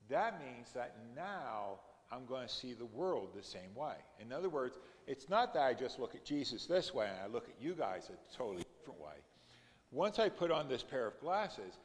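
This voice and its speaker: A man's medium-pitched voice trails off into a long reverb as he leads an adult education class at a church. Explaining scripture readings one step at a time, he grows emphatic when he quotes the passages.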